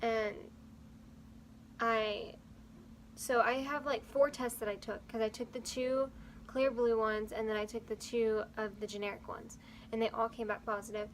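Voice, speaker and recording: A woman's voice: on the high side, little pitch movement, unhurried, a little hiss or hum, low-quality recording. A young woman vlogger earnestly telling a personal story, rambling along with fillers.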